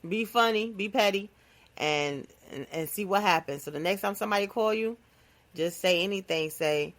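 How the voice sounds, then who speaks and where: Animated woman podcast host. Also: medium pitch, moderate pace. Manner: animated, playful, conversational with vernacular phrasing. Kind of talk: casual comedic monologue.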